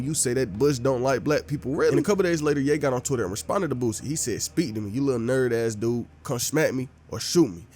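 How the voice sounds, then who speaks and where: A man's voice: medium pitch, darkish tone. A man hosting a commentary channel, narrating events in a laid-back, slangy storytelling way.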